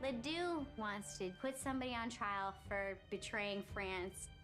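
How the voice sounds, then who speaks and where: A woman's voice: mid-range voice, a little slow, over music. A drunk woman retelling history in a giggly, crude, rambling way. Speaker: storyteller.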